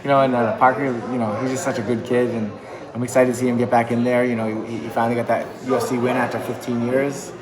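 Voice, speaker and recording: Fast-talking chatty MMA coach, man. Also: medium pitch, little pitch movement, crowd noise, poor audio. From New England. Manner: chatty, upbeat, lots of fillers. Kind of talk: casual interview talk.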